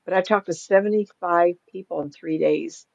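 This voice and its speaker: A woman's voice: on the low side, normal speed, gravelly, a little mellow, dry recording, dull audio. An older woman, a psychic medium, chatting casually in an interview, rambling through stories and laughing often.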